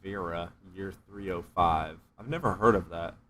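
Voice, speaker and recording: A man hosting a casual livestream, reading chat aloud, excitable and quick to swear with loud outbursts. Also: deep voice, slight background noise.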